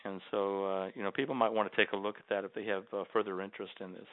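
A man who is a guest author on a radio show, speaking in a measured, thoughtful way with frequent ums. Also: fairly low pitch, flat delivery, dry recording. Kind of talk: radio interview over the phone. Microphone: phone. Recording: tinny phone line.

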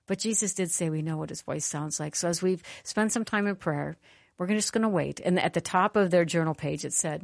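An animated woman preacher tells a story in a lowish, conversational voice, urging the room to give her an amen. The sound is dry and close. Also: creaky, dry recording. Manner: animated, conversational, calls for amens. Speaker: conference speaker. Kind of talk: sermon with storytelling.

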